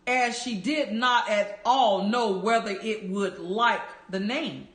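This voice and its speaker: A woman reading a bedtime story aloud, narrating slowly and gently. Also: medium pitch. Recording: roomy echo.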